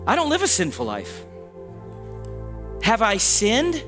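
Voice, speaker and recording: A man's voice: high-pitched, huge pitch swings, takes it slowly, fairly bright tone, big-room sound, soft background music. A man preaching a sermon as pastor, talking in a conversational way that stops and restarts often, with asides to the congregation. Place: church sanctuary.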